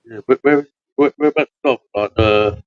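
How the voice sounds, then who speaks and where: A man's voice: medium pitch, moderate pace, dry recording, lo-fi sound. A man from hosting a long live podcast, chatting casually in a tired, rambling, slangy way. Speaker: podcast host. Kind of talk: casual late-night chat.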